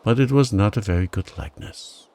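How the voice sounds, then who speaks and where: A man reading a bedtime story for adults in a calm, gentle, soothing manner. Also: lowish voice, fairly quick, vocal fry. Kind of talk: scripted bedtime narration.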